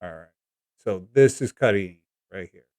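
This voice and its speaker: Livestream host, man, casual and repetitive greetings, lowish pitch, dry sound. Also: moderate pace, darkish tone, no echo. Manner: chatty, repeats greetings, coaching guest. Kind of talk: casual live chat.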